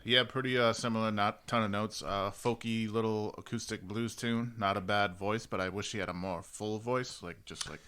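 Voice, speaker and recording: A man with a bright, smooth voice gives short, dry takes on albums in casual chat. He reads his notes in clipped fragments between the banter. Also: fairly low pitch, steady tone, normal speed, hardly any pauses. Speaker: podcast co-host.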